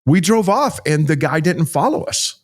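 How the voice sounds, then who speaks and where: Middle-aged pastor telling a vivid story. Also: male voice, fairly high pitch, very animated, moderate pace. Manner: vivid, acts out dialogue, repeats himself. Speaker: pastor, podcast guest. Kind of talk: emotional storytelling in conversation.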